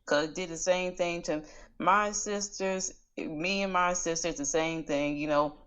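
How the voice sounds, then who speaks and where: A woman with a somewhat low voice speaks frankly in an easygoing podcast conversation. She talks in a matter-of-fact way, plain and direct. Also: fairly even intonation, a little slow, fairly bright tone, clean tone. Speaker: podcast co-host. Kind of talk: candid casual chat.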